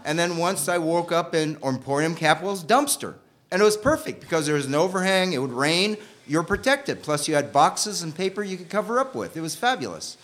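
Animated man telling a personal story. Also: on the high side, brisk. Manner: animated, swinging from loud bursts to hushed asides.

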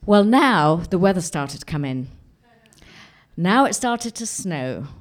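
A woman's voice: medium pitch, a little mellow. A woman telling a personal anecdote in a vivid, dramatic way, often repeating herself. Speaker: storyteller.

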